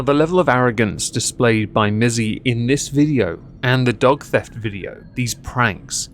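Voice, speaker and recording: A man's voice: mid-range voice, a little hiss or hum. A man hosting a commentary video, reading a script in a sarcastic, mocking tone. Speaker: commentary channel host.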